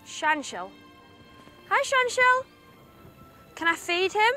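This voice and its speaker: A young woman with a Northeast English accent gushes and squeals through a reality travel segment, her voice pitched very high and bright. She stretches her words slowly and gets emotional easily. Light music plays beneath her outdoors. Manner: gushing, squealing with excitement, emotional. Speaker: reality TV presenter. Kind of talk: excitable travel vlog chat.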